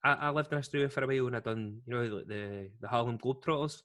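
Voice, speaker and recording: A man's voice: mid-range voice, fast talker, a bit bright. Male podcast host, Scottish accent, loose and sweary storyteller. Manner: rambling storyteller, swears freely. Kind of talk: casual chat.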